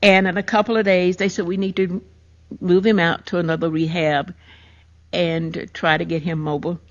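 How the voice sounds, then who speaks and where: A woman's voice: on the low side, flat delivery, moderate pace. Older woman retelling a painful story. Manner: emotional, emphatic retelling. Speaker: podcast host. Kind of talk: personal storytelling. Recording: muffled lo-fi recording.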